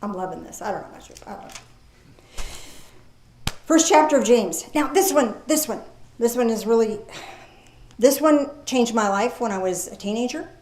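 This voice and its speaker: A woman preaching a sermon in a lively, folksy way, reading scripture aloud slowly and commenting with casual asides. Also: on the high side. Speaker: pastor. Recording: echoey room.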